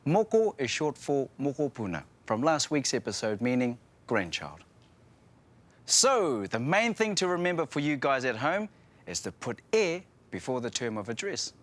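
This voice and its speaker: A man's voice: medium pitch, sing-song, moderate pace. A man with a New Zealand accent co-hosting a language lesson show, presenting in a playful, joking way.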